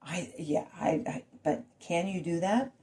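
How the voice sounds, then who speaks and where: A woman's voice: lowish voice, a little slow, warm tone. A woman ranting to her viewers in a rambling monologue full of rhetorical questions and asides. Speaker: vlogger.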